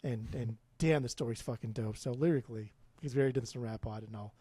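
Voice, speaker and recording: A man co-hosting a podcast, talking in an animated, profane, rambling way. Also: medium pitch, a little fast, breathy edge, no echo. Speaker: podcast co-host. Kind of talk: casual podcast chat.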